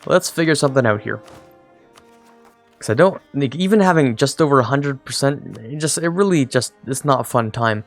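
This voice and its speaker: This young man's stream of a strategy game comes with casual, rambling commentary, self-mockery, and remarks aimed at his units. His medium-pitched voice is expressive and moves at a normal speed over soft background music.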